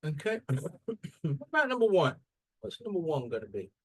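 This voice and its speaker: A man's voice: a little high, moderate pace. A man teaching English in a classroom, quizzing students and stressing syllables as he models words. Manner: lively questioning, drawing out word stress. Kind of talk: classroom lesson.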